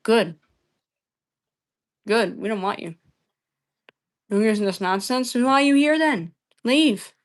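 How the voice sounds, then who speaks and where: A woman's voice: fairly high pitch, expressive, moderate pace, long pauses. Woman streamer, combative and profane, scolding her chat, keeps repeating herself. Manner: repeats phrases over and over. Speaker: livestream debater. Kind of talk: heated livestream argument with chat.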